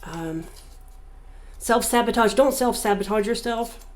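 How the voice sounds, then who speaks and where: A young woman giving a casual tarot reading, thinking aloud with frequent fillers and reading scripture passages slowly. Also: fairly high pitch. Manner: unhurried, thinking aloud with many fillers, reads verses slowly. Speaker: tarot reader. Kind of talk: casual spiritual reading to camera.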